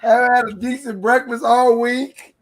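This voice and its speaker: A man's voice: extremely high pitch, flat delivery, moderate pace, poor audio. A tired man co-hosting a podcast, ranting and joking in casual chat. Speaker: podcast co-host.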